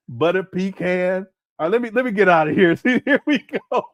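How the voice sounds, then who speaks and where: A man's voice: sits high, expressive, fast, fairly bright tone, no echo, clean studio sound. A man commenting casually on a live stream, laughing often and mocking what he plays.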